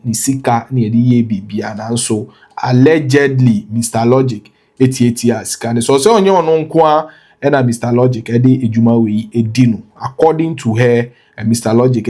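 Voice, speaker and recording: A man's voice: mid-range voice, mellow. A man hosting a news commentary in a loose, offhand way. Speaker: news show host.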